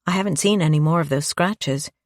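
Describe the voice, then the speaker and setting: A woman voicing a stern, anxious mother with a sharp, scolding manner in an audiobook. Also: low-pitched, fairly quick, no echo, studio quality. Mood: worried.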